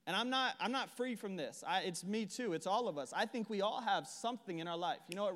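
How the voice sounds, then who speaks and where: A young man preaching a sermon with passion. He stumbles and repeats words, then drops into quiet prayer. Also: high-pitched, animated, fairly quick, few pauses. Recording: long hall reverb.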